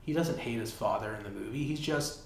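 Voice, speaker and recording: A man's voice: lowish voice, brisk, creaky. A man hosting a casual solo podcast, retelling a film plot in a rambling way, full of "like" and swearing. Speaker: podcast host. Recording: roomy backup recording with faint hiss.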